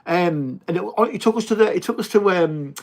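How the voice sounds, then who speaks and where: A young man with a Teesside accent hosts a casual livestream, chatting to viewers and calling everyone mate. His voice sits a little high for a man, and his talk is loose and blokey with the odd swear word. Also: lively intonation, fairly quick. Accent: Teesside English. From England. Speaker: livestream host. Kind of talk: casual livestream chat reading viewer comments.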